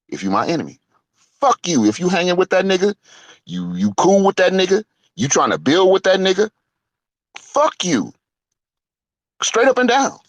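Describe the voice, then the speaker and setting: A man's voice: medium pitch, dry recording. A middle-aged man telling a heated, profane story in an angry monologue, mocking the people he quotes. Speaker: online show host.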